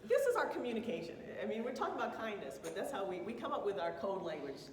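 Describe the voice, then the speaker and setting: A woman's voice: mid-range voice, sing-song, quick pace, a crowd in the background. A woman telling a personal story to a group in a candid, reflective way, often laughing. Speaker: co-presenter of a couples session. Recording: echoey hall picked up from a distance.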